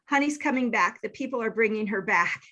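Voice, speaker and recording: A woman's voice: fairly high pitch, expressive, brisk, pushed and bright, dull audio. A woman in her fifties telling a personal story earnestly and with feeling, acting out the lines she quotes. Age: 50s. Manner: emotional, earnest, acts out quoted texts. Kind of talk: casual storytelling.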